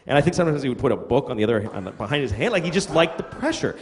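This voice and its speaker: On a comedy club stage, a middle-aged man does stand-up at a racing clip, his medium-pitched voice very animated as he tells crude, self-deprecating stories and acts out quotes. The hall is reverberant, full of audience noise and laughter.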